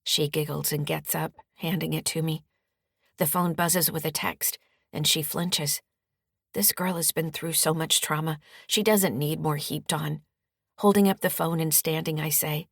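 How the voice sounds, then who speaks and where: A woman author narrating her own mystery-thriller audiobook in the first person, steady and firm in the mother's dialogue. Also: low-pitched, moderate pace, no echo, clean studio sound. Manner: steady storytelling, rising firmly in the mother's lines.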